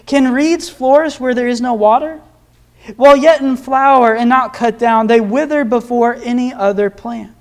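Young male preacher, very high voice, earnest sermon delivery, pushes harder on scripture readings. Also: steady tone, moderate pace. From Nebraska, USA. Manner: earnest, rises in emphasis when quoting scripture.

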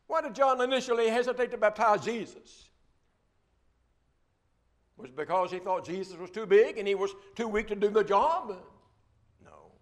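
A man's voice: high-pitched, a bit bright. A man preaching a sermon, reading scripture and asking rhetorical questions with a repeated refrain.

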